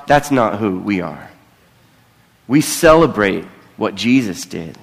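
A man's voice: fairly low pitch, very animated, measured pace, vocal fry. A middle-aged man preaching a conversational sermon, earnest and often breaking into self-deprecating asides. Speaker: pastor. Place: church sanctuary. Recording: long reverb of a large hall.

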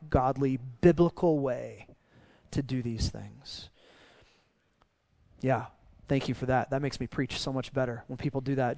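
A man preaching a sermon as pastor, animated and swinging down to quiet emphasis on key phrases. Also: mid-range voice, dry recording.

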